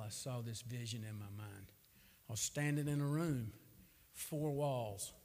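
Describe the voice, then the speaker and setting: A man's voice: mid-range voice, a little mellow, big-room sound. A middle-aged man, preaching a sermon in a folksy, storytelling way that rises to fervent.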